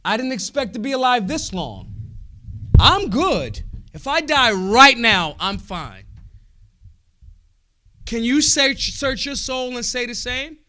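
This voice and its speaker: A man speaking at a convention hall with a bright, high, wildly swinging voice. He curses freely and punches his points hard, then drops into quiet asides. The delivery is a rousing political speech. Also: big pitch swings, takes it slowly, pauses often. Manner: profane, emphatic, swings between shouts and low asides.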